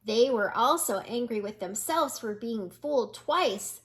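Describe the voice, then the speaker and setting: An older woman reading a children's picture book aloud in a gentle, slow manner, pointing out the pictures. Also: a little high, expressive.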